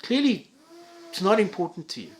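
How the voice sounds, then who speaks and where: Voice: medium pitch, very animated, moderate pace, a little hiss or hum. A vlogger delivering an angry, profane solo rant to viewers, with heated stammering restarts.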